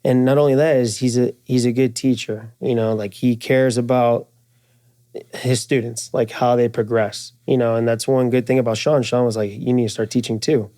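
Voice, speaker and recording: A man chatting in an interview at a trade show, full of slang, fillers and the odd swear. His voice is mellow and mid-pitched. He jumps up in pitch when he quotes friends, then drops back to an easy, rambling flow. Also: moderate pace. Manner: animated, acts out quoted friends in raised voice. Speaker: guest, firearms and jiu-jitsu instructor. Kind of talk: casual interview storytelling.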